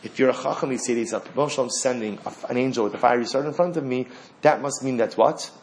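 A man teaching a Torah class, animated, asking rhetorical questions and acting out the lines of the story. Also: medium pitch, very fast, a little hiss or hum.

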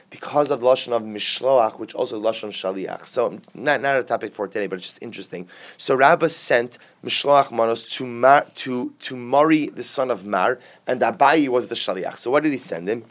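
A man giving a Talmud class in a lively, conversational way, asking rhetorical questions and urging the listeners to listen. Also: mid-range voice. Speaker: Talmud teacher.

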